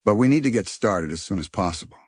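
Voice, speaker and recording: A man's voice: lowish voice, animated, fast talker, a little mellow, husky, no room sound, clean studio sound. A man voicing Arthur, an earnest and worried young male rat, in a storybook reading.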